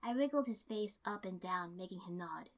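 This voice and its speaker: A woman reading a first-person story aloud in an even, steady narration. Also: fairly low pitch, normal speed. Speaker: reader.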